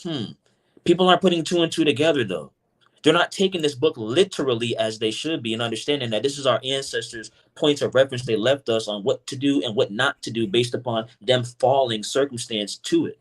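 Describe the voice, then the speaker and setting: A man's voice: medium pitch, fairly quick. A man talking in a fervent, preacherly way as a podcast guest, often restarting his words, recorded in a car. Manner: intense, preacherly, stammers on restarts. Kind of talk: fervent preaching-style discussion.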